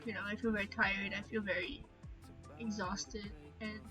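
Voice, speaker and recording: A woman's voice: medium pitch, little pitch movement, moderate pace, music in the background, rough recording. A young woman streamer chatting candidly and openly, holding back tears, trailing off often with fillers. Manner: open, heartfelt, trailing off with many fillers. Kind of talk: candid casual chat.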